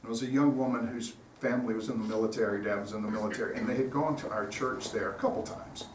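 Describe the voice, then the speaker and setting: This guest speaker talks fast in a steady, medium-pitched voice, telling stories through an earnest, conversational sermon that stays informal. It was captured in a roomy church sanctuary on a distant mic, with faint noise.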